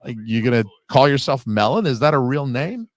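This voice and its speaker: A man's voice: medium pitch, expressive, brisk. A man hosting a casual audio commentary on a film, talking in a rambling, analytical way with the odd swear word.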